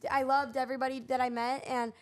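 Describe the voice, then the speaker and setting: Young hoarse female co-host, high pitch, bubbly and chatty. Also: little pitch movement, fast talker. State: hoarse from cheer camp. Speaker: podcast co-host. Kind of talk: casual chat.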